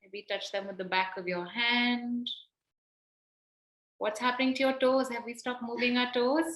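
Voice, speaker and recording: A woman's voice: on the high side, fairly even intonation, normal speed, a bit bright. A woman leading a playful guided movement exercise on a video call, coaxing and laughing often. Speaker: workshop facilitator. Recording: roomy echo.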